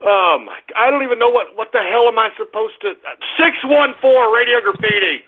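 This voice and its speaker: A man hosting a call-in radio show, ranting loudly with a lot of swearing. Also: extremely high pitch, a little fast. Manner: loud, profane, shouting rants. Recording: tinny phone-like radio audio.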